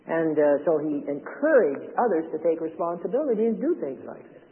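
A man preaching with emphasis in a fairly high voice, driving his points home with repetition and rhetorical questions. His sermon comes through a thin, phone-like radio broadcast with a long reverb trailing behind each phrase. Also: sing-song, a little fast, a little hiss or hum.

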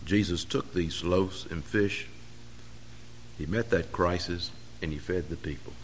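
A man preaching a sermon, pressing key phrases harder and louder as he drives each point home. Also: sits low, a little slow, slight background noise.

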